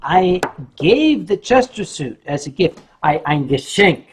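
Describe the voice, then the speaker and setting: A man's voice: sits high, measured pace, a little hiss or hum. A man hosting a casual live-stream chat, reading viewer questions and telling stories, with German words dropped in here and there. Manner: animated raconteur who drops in German words.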